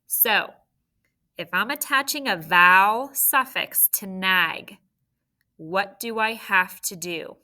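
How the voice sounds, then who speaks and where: Bright-voiced lady teacher going through spelling words, slow and careful, letter by letter. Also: medium pitch. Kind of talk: spelling lesson.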